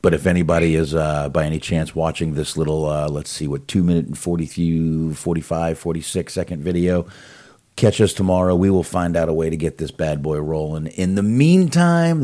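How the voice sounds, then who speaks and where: A man's voice: rumbling low, mellow. A man co-hosting a podcast over a video call. He chats casually, swears freely and rambles with plenty of fillers. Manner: loose and profane, rambling with fillers. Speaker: podcast co-host. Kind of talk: casual chat.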